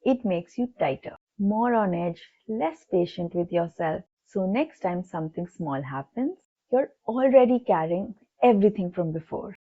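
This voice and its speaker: A woman psychologist giving a soft, empathetic scripted talk that speaks directly to the listener. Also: medium pitch, animated, unhurried, hardly any pauses. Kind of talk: scripted reflective narration. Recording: tinny phone-like sound.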